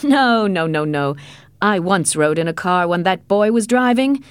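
Lady doing a grumpy old guy, blustery, says no no no, jumps up high when worked up. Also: animated, unhurried, clean tone, no room sound, close to an everyday voice. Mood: blustering. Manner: blustering, repeats himself. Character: grumpy fussy old man, quick to anger.

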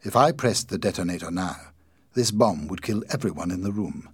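A man reading the part of a cold, calm male bomb maker, quiet and matter-of-fact, in a husky, lively voice. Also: low-pitched, normal speed, no echo, clean studio sound.

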